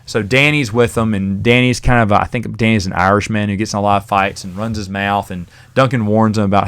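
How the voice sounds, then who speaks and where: A man's voice: lowish voice, fairly even intonation, a little fast, few pauses, fairly bright tone, smooth. A man hosting a podcast, casually reviewing a novel in a rambling, chatty way with fillers and the odd chuckle. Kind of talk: casual spoken book review.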